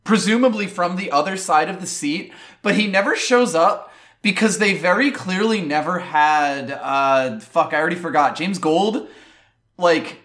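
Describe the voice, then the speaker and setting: A podcast co-host recaps a scene in a wry, deadpan way, with casual swearing. Mid-pitched, relaxed conversational delivery. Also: a little slow. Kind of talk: casual movie-review chat.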